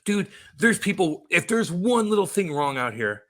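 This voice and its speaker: A man's voice: high-pitched, big pitch swings, moderate pace, pushed and bright. A man co-hosting a podcast, telling stories in a blunt, profane, casual way. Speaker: podcast co-host. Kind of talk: casual chat.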